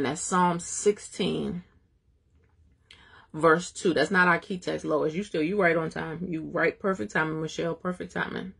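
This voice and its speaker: A woman leads a live-streamed Bible study, exhorting her viewers and greeting them by name. Her voice sits fairly low, with a gravelly, husky edge.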